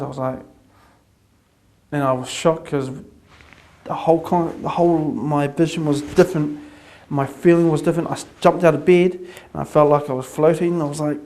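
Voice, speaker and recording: Earnest New Zealand man telling his story. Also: a little high. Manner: earnest, repetitive, builds into excited retelling. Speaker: convert sharing his testimony. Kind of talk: personal testimony storytelling.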